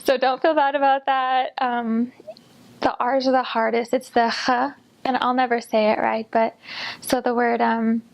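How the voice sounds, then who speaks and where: A young woman talks casually about her own experiences, upbeat and quick to laugh at herself. Her voice sits high and carries a gravelly fry. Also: level tone. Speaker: returned missionary. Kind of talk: casual storytelling.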